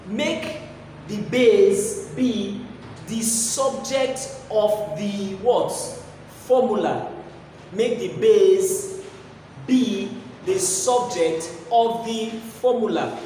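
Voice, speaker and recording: Man, maths teacher, rhetorical questions, high voice, long hall echo. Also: a little mellow, a little hiss or hum. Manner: asks rhetorical questions, repeats key phrases. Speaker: mathematics teacher. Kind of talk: classroom lesson. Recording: echoey hall, voice from far off.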